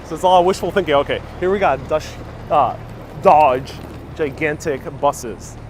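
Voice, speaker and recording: A man's voice: fairly high pitch, unhurried, a little mellow, a little hiss or hum. A man hosting a casual walking livestream outdoors in a city, chatting upbeat and reading viewer comments aloud, laughing often. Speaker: travel livestream host.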